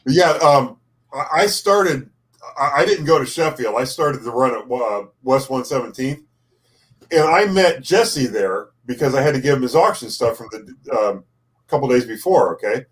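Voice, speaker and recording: A man's voice: medium pitch, animated, moderate pace. A man chatting casually on a live stream, telling a story in a plain matter-of-fact way.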